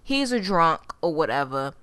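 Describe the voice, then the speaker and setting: A woman's voice: low-pitched, moderate pace, clear, resonant tone, dry recording, studio quality. A woman giving a casual, profane and sassy recap of a TV episode, talking straight to her viewers. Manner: profane, sassy and animated, heavy swearing; chatty with fillers, addresses viewers as y'all. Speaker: TV recap vlogger.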